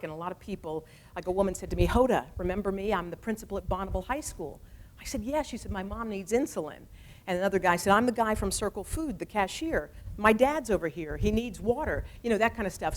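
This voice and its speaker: A woman in her forties giving a talk, telling stories in a lively, animated way and acting out the people she quotes. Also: fairly low pitch. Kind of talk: storytelling speech.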